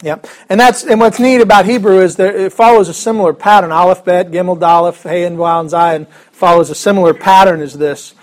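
A man's voice: sits high, fairly even intonation, a little fast, few pauses. A man teaching a Bible class in a casual, joking way, chuckling often and restarting his sentences.

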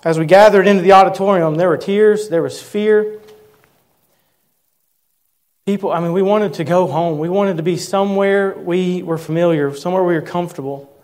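Earnest male preacher, higher-pitched voice. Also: a little mellow. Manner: earnest storytelling, slowing for emphasis. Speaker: pastor. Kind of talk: sermon.

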